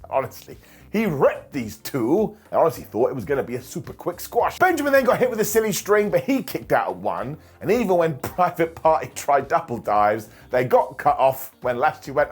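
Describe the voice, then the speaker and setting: Husky, animated man giving a jokey recap. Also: on the high side, brisk. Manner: jokey, paraphrases wrestlers in silly voices, laughs often. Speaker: wrestling show reviewer. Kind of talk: comedic recap.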